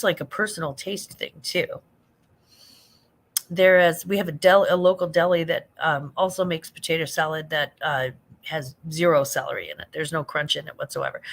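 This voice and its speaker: A woman's voice: lowish voice, moderate pace, creaky. A middle-aged woman hosting a late-night livestream, chatting in a rambling way, laughing often and reading out viewer comments. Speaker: livestream host.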